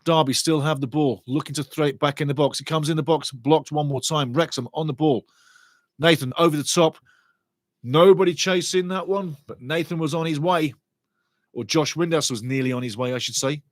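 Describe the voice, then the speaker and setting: A man's voice: a little high, normal speed, no echo. A man giving passionate fan commentary on a live football match, cheering his side and reading out chat messages. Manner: excitable, partisan, reads chat comments aloud. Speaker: fan watch-along commentator.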